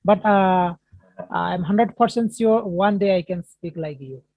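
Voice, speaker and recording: A woman with an Indian accent speaks hesitantly over a video call, using simple phrasing. Her voice sounds husky. The audio is tinny, dry and phone-like. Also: mid-range voice, measured pace, dry recording. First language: not English. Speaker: host. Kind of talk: casual video call chat.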